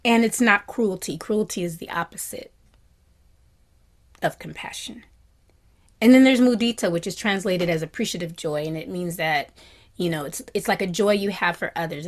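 A woman meditation teacher giving a dharma talk in a gentle, reflective way. She often drops to a soft whisper and has animated bursts of delight. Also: on the low side.

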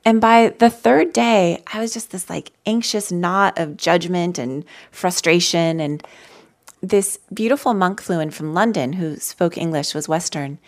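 A woman with a slightly low voice gives a live mindfulness talk to an audience. She speaks gently and conversationally and weaves her own stories through the teaching. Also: measured pace. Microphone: handheld mic.

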